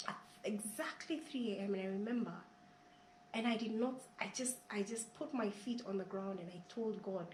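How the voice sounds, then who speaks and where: A woman's voice: mid-range voice, normal speed, darkish tone. Earnest woman in a roomy space. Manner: earnest, repeats herself, rising with emotion. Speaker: guest telling her story. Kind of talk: personal storytelling interview. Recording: roomy echo, faint background hiss.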